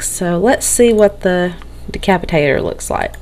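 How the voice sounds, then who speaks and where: A woman's voice: fairly low pitch, animated, measured pace. Tired, tongue-tied Southern woman. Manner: rambling, tongue-tied, nervous. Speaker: game tutorial narrator. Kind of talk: casual screen-recorded walkthrough.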